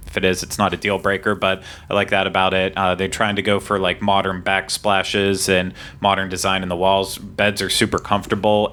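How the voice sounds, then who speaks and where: A man co-hosting a podcast, chatting casually with quick asides and laughing at himself. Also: low-pitched, bright, forceful tone. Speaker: podcast co-host.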